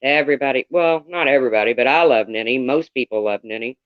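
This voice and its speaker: A man's voice: mid-range voice, quick pace, clear, resonant tone, no room sound. Rambling man on a dull livestream. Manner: rambling and candid, greets viewers by name. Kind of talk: casual livestream chat.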